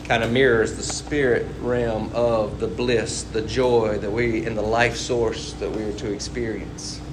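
A man's voice: on the low side, flat delivery, unhurried, background noise. A man preaching a casual, conversational sermon and asking his listeners questions as he goes. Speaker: pastor.

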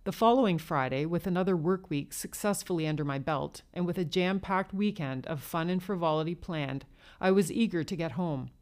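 A woman narrating an adult short story in the first person, in a cool, measured reading. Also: lowish voice, darkish tone.

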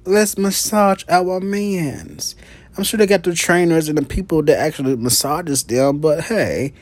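A man's voice: a little high, a little mellow, no echo. A man hosting his own podcast in a brash, profane, gossipy monologue, laughing often. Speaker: podcast host. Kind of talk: casual monologue.

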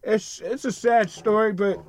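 A man's voice: sits high, steady tone, measured pace. A man hosting a podcast, ranting casually about a news story, swearing bluntly and stumbling over names as he reads. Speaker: podcast host. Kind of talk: casual profane rant reading a news story.

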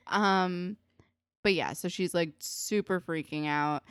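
A woman's voice: fairly low pitch, slow, clean tone, dry recording, clean studio sound. A woman co-hosting a podcast, chatting casually about a TV episode with lots of fillers and swearing. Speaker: podcast co-host. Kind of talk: casual chat recapping a TV episode.

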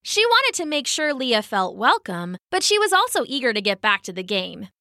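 A woman reads a children's story aloud in a bright, clear voice that moves up and down with lots of life. Her delivery is expressive and storyteller-like, and the recording is close and dry. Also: fairly high pitch, moderate pace, no echo. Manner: warm, expressive read-aloud.

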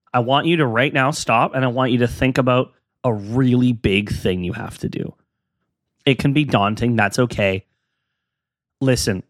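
A man's voice: medium pitch, no echo, clean studio sound. A young adult man hosting a casual solo podcast, rambling and self-deprecating while he encourages his listeners. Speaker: podcast host.

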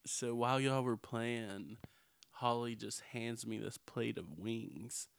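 A man's voice: medium pitch, slow pace, creaky, clear, resonant tone, dry recording. A man co-hosting a podcast, telling a rambling story in casual chat and laughing as he goes. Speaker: podcast co-host.

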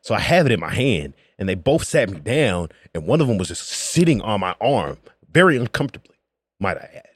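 A man's voice: on the low side, big pitch swings, fairly quick, breathy edge, no echo, clean studio sound. A man co-hosting a podcast, telling a story in a wry, matter-of-fact casual chat. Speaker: podcast co-host.

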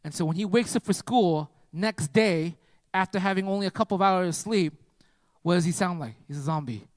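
High-voiced preacher, hushed to loud. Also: male voice, brisk, dry recording. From United States. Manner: dramatic swings from hushed to loud, constant "right?" tags. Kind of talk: sermon with personal storytelling.

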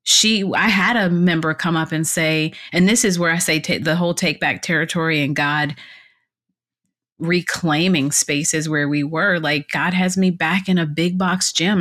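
Low-voiced woman on a podcast, chatty and animated, laughs a lot and acts out quotes. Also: moderate pace. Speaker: podcast guest, clarity coach and fitness instructor. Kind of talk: casual conversational interview.

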